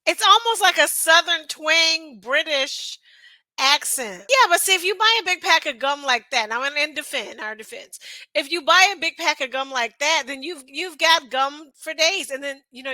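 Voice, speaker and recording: A woman talks straight to her viewers in a loose, chatty way, with laughs between her points. Her voice sits high and bright, and it is recorded close and dry with no room sound. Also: dry recording, poor audio. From northern United States. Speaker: reaction video host. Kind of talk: casual chat to camera.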